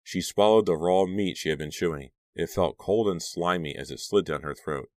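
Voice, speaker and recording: A man narrating a young-adult horror audiobook in an even, measured reading. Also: deep voice, no room sound, clean studio sound.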